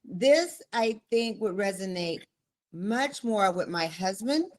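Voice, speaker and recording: A woman's voice: medium pitch, expressive, slow pace. A woman hosting a podcast interview, enthusiastic and acting out conversations with her husband. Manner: enthusiastic, acts out quotes. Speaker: podcast host.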